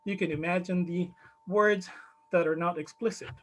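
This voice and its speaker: High-voiced man presenting research. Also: fairly even intonation, rough recording. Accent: Chilean Spanish. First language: Spanish. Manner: measured, many fillers, stresses key words. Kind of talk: conference talk.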